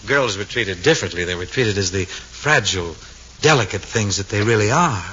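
A man's voice: on the low side, lively intonation, normal speed, sharp tone, breathy edge. A man hosting a scripted radio comedy, breezy and joking, often chuckling through his lines. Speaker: radio show host. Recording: hissy dull old radio recording.

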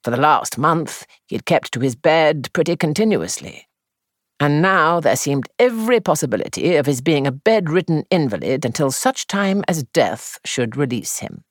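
A man's voice: on the high side, very animated, dry recording, studio quality. Composed male audiobook narrator. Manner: measured, composed first-person storytelling.

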